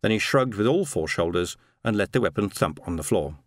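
A man narrating a science fiction story in a steady, measured reading. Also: lowish voice, no echo, studio quality. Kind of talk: audiobook narration.

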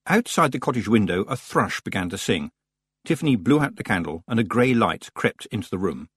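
A man reading a story aloud as an audiobook narrator, in an expressive storytelling manner, close to the mic. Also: fairly low pitch, moderate pace, slightly rough, dry recording. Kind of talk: scripted narration.

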